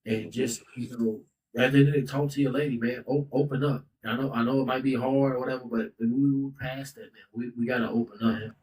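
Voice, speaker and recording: A man in his thirties hosting a casual podcast, speaking in a loose, heartfelt way. He stays at a mid pitch and keeps dropping in "bro" and "like." His voice sits a little back from the microphone. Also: fairly even intonation, a little fast, a little mellow, recorded from a distance, rough recording. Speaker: podcast host. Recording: voice a bit off-mic.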